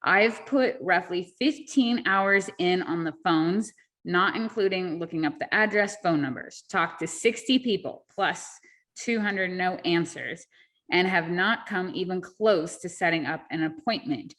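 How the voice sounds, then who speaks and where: A woman's voice: lowish voice, unhurried, a bit bright. A woman hosting an online sales forum over a video call, upbeat and encouraging as she reads questions and thanks her guest. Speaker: forum host. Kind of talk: casual online meeting talk.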